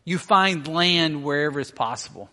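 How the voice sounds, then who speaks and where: Man, pastor, sermon, lively storytelling, slightly high voice, long hall reverb. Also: normal speed. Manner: storytelling, acts out quotes with rising intensity.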